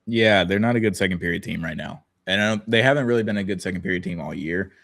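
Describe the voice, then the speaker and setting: A man's voice: deep voice, fast, creaky, fairly bright tone. A young man co-hosting a sports podcast, rambling and joking with casual swearing. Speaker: podcast co-host.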